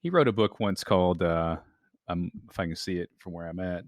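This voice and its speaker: Male podcast host, very low pitch, relaxed and conversational, dry recording. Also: brisk, no echo. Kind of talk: casual interview.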